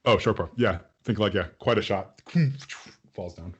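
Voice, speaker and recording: A man's voice: deep voice, unhurried, lo-fi sound, background noise. A man running a tabletop game as game master, describing scenes loosely with many fillers.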